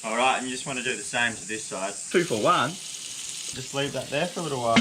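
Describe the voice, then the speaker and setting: A man's voice: medium pitch, fairly quick, noisy background. A man hosting a vlog, talking casually and brashly through a cooking demonstration outdoors at a barbecue. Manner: brash and easygoing, mild swearing. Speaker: vlog host.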